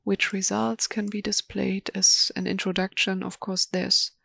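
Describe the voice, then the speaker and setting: Female webinar presenter, halting and monotone, dry sound with mouse clicks. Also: medium pitch, gravelly, breathy edge, dry recording. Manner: slow, hesitant, many ums and restarts. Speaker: software presenter. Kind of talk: live software demo webinar.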